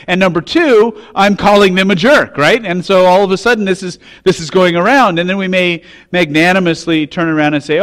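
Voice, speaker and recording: A man's voice: high voice, a little fast, hardly any pauses, a bit bright. A man preaching a sermon, reading scripture and asking rhetorical questions with rising intensity. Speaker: pastor.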